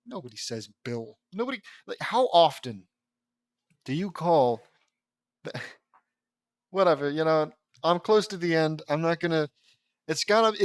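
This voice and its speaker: A man's voice: on the high side, clean tone, no room sound. A man reading his fan fiction aloud, stopping often to rant and laugh at it with stumbling restarts.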